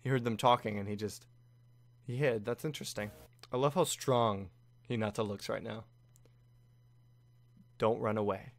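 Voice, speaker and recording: Excitable man reacting to an anime. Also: on the low side, normal speed, long pauses, dry recording. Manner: excitable, laughing, with frequent restarts. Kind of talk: casual reaction commentary.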